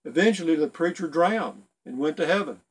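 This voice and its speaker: A man's voice: fairly high pitch, animated, fairly quick, breathy edge. A middle-aged man casually reading jokes aloud for his video blog, rambling a bit and chuckling at his own punchlines. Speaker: video blogger telling jokes.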